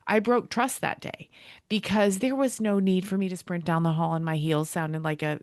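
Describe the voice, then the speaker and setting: A woman's voice: on the low side, no echo, studio quality. A middle-aged American woman, a school leader, talking as a podcast guest and acting out quoted dialogue in her stories. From United States. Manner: animated storyteller, acts out quoted dialogue. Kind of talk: casual interview talk.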